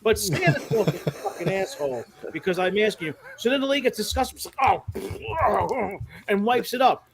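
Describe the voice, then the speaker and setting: A man with a high, light voice spins animated, foul-mouthed stories on a casual podcast. He often laughs mid-sentence and keeps the energy up as the tale builds. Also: fast talker, crowd noise. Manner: animated, profane, laughs through his stories. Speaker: podcast guest who works as a mall Santa.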